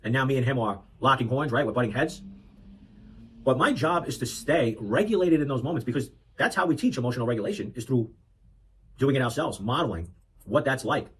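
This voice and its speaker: A man's voice: medium pitch, animated, fairly quick, slightly rough, low-quality recording. A man in his thirties talking earnestly about fatherhood in a reflective monologue, often restarting and adding asides. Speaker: parenting vlogger. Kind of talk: reflective talk to camera.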